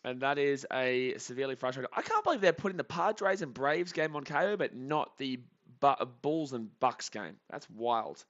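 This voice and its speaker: A young man hosting a live baseball reaction stream, calling the plays casually and reading out chat messages with bursts of excitement. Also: medium pitch, normal speed, dull audio. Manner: casual chatty commentary, reads chat aloud, excitable.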